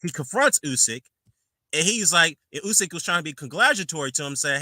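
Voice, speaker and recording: Animated man giving a boxing review. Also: on the high side, quick pace, no echo. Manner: animated, incredulous, quotes fighters in raised voice; rambling with frequent fillers and self-corrections. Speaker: boxing commentator, channel host. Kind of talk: casual post-fight review monologue.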